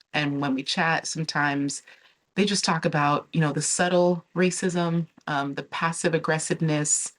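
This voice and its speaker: A young woman vlogger talking candidly to camera in a casual, chatty way, with fillers and restarts. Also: sits low. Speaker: travel and relocation vlogger.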